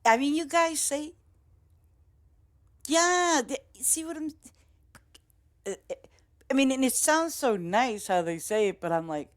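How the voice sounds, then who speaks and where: A woman's voice: high-pitched, expressive, a little slow, long pauses. A woman with a Boston accent chatting casually with her stream viewers in a rambling, easygoing way, laughing often. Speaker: game streamer.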